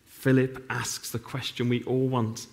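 Wry middle-aged preacher. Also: male voice, medium pitch, level tone, a little slow, vocal fry. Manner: wry, self-mocking humor with sarcastic asides. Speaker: pastor. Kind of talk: sermon.

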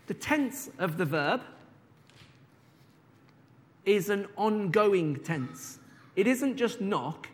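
A man preaching a sermon in a conversational way, slowing down to stress key words. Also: high-pitched, lively intonation, big-room sound.

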